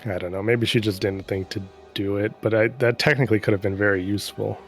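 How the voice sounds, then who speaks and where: A low-voiced man rambling, faint music behind. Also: steady tone, quick pace. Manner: rambling, profane, sarcastic recap. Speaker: gamer recapping a story. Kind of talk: casual chat.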